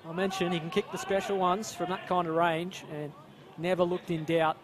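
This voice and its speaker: An Australian man offers chatty color commentary during a football match, sometimes restarting his thoughts mid-sentence. His voice sits somewhat high, with faint outdoor noise behind him. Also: little pitch movement, moderate pace. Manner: chatty analysis with hesitant restarts. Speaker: expert commentator. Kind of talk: live sports commentary.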